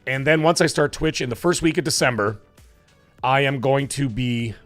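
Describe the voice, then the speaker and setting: A man with a hoarse, cracking voice hosting a live stream, chatting casually and rambling with fillers as he thanks viewers. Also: mid-range voice, normal speed, a bit bright, soft background music. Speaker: livestream show host.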